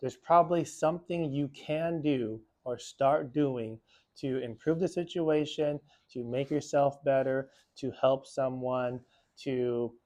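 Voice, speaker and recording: A male therapist speaks directly to his viewers in an easy, unhurried way, pausing often with small fillers as he thinks. His voice sits in an ordinary middle pitch for a man, calm and conversational. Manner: unhurried, reflective, with many fillers. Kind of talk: casual talk to camera.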